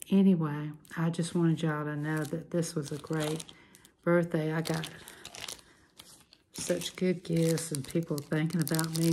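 A woman chatting excitedly to her viewers at home, gushing and drawn-out in her exclamations. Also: low-pitched, gravelly, slight background noise. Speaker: hobby vlogger. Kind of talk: casual chat to viewers.

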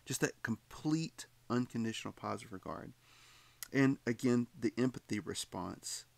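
Gravelly-voiced male psychology lecturer. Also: medium pitch, animated, moderate pace, darkish tone, no echo. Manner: conversational, repeats himself, asks students questions. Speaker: psychology instructor. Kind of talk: recorded lecture commentary.

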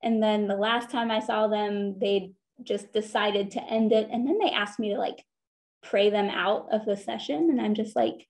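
A woman counselor speaks to a church group about therapy in a mellow, warm-toned voice. She talks in an earnest, conversational way, slowing down when she wants a point to land. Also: mid-range voice, fairly even intonation. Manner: conversational, earnest, often slows to stress points.

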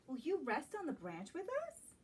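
High, lively storytime woman. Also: moderate pace. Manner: gentle and animated, asks children questions. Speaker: children's librarian. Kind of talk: children's storytime read-aloud. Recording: distant mic with faint background noise.

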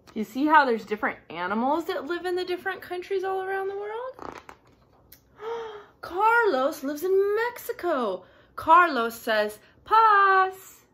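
A woman reading a picture book aloud to young children, sing-song and animated, gasping and asking her listeners questions. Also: extremely high pitch. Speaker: storybook reader for children.

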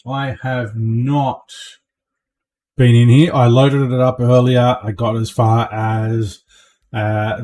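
This casual gameplay commentary comes from an adult streamer playing a space game. His mid-range voice has a warm tone, and he jokes along, frequently finishing lines with a quizzical "eh?".

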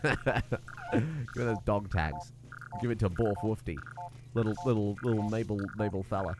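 A man's voice: on the low side, moderate pace, noisy background. A man giving wry, chatty let's play commentary, swearing casually. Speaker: gaming streamer.

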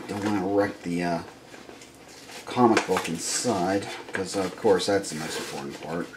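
Slow-talking excitable man unboxing toys. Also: lowish voice, background noise. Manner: excitable, gushing, swearing, mumbled asides. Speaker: toy unboxing vlogger. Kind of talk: casual unboxing commentary.

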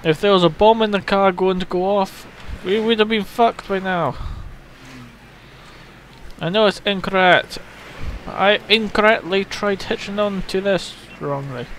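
A man's voice: high-pitched, unhurried, a bit bright, slight background noise. A young man casually commenting on a game he is playing into a headset mic, grumbling, swearing often and humming to himself. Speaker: gaming channel host. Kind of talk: casual let's-play commentary.

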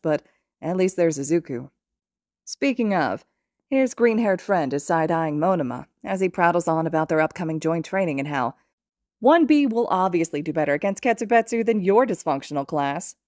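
A woman reading fan fiction aloud as a podfic, with steady, expressive storytelling. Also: low voice, no echo, studio quality. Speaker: podfic reader.

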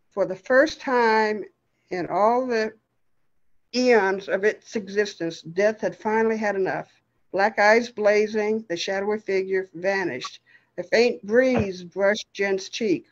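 A woman storyteller reading a story aloud in a steady, expressive way. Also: mid-range voice, slow, muffled recording.

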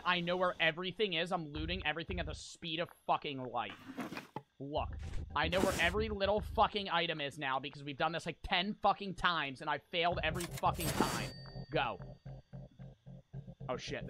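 A man's voice: on the high side, moderate pace, background noise. A man streaming a game live, cursing in frustration and talking to his chat. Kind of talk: live gameplay commentary.

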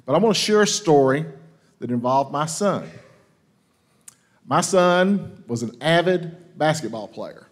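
A man speaking very slowly and earnestly at a memorial gathering. His voice sits a little high, and he stumbles over a word now and then. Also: animated. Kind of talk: memorial speech. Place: event hall.

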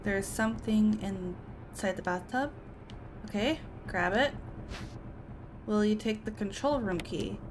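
A woman's voice: mid-range voice, slow pace, pauses often, background noise. A woman giving casual let's-play commentary, talking to herself and letting out frightened yelps.

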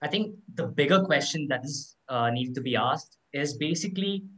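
A man's voice: a little high, lively intonation, normal speed, fairly bright tone, slight background noise, low-quality recording. A young man, a student debater, earnestly making his case in a casual, filler-laden way on a video call. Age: teenager or young adult. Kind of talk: live debate rebuttal. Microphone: computer mic on a video call.

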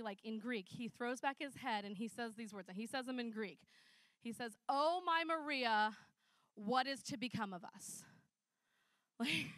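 A woman preacher with a fairly high voice tells stories in a loose, chatty sermon. She talks in an animated way and leans on lots of fillers. The sound is close and dry. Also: no echo. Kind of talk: conversational sermon with storytelling.

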